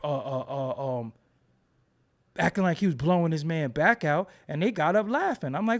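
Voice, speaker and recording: A man's voice: on the high side, moderate pace. A man in a casual, profane rant, talking emphatically and repeating himself when heated. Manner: animated, emphatic, swears freely, repeats words when heated.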